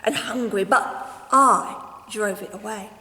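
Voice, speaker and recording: A woman's voice: mid-range voice, measured pace, bright, forceful tone. A woman reading aloud and voicing a bored, mischievous young shepherd boy in a playful storytelling manner. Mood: boastful. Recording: echoey hall.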